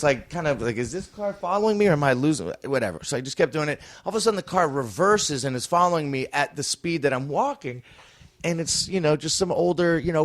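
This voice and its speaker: A man's voice: fairly high pitch, dry recording. A man as a podcast guest, telling a long story in a rambling, casual way, swearing and restarting his sentences.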